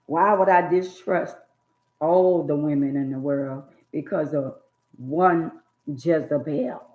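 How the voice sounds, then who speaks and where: A woman's voice: low voice, slow, a little mellow. A woman preaching life advice straight to her viewers in an emphatic, sermon-like monologue. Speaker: vlogger giving life advice. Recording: tinny phone-like sound in an echoey room.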